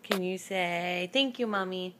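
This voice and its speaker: A woman's voice: on the low side, measured pace, background noise. A mother coaxing her toddler in baby talk, sing-song and often laughing.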